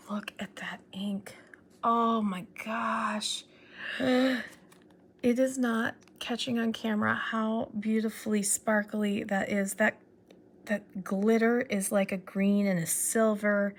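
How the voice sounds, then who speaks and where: A woman's voice: medium pitch, a bit bright. A woman on her vlog, gushing in casual chat and often dropping to a whisper, moved to tears. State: tearful. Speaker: stationery YouTuber.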